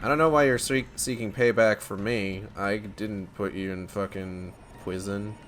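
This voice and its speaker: A man's voice: on the low side, steady tone, normal speed, a bit bright, faint music behind. A man giving casual, sarcastic commentary while playing a horror game, swearing often. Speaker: gamer. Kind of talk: let's play commentary.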